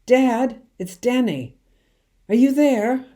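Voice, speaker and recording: A woman reading aloud and voicing a frightened young boy who calls out high and pleading for his father. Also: lively intonation, slow pace, dark tone. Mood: calling.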